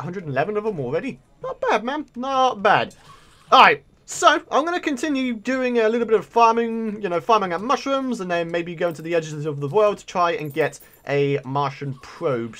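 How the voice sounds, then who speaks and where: A young man giving chatty, excitable commentary as he plays through a game, often breaking into exclamations. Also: high voice, moderate pace. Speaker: let's play host. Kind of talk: gameplay commentary.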